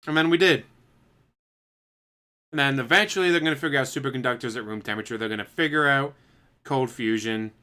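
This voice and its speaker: A man's voice: on the high side, normal speed, pauses often, bright, forceful tone. Man musing casually on a stream. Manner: speculative, musing, chuckling asides. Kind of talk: casual rambling chat.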